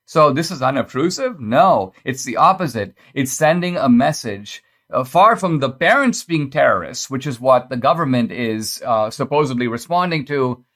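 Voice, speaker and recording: A male podcast host talking through a political commentary monologue. His delivery is emphatic and pointed, with a sarcastic edge. His voice sits at an ordinary mid pitch for a man. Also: expressive, normal speed, fairly bright tone.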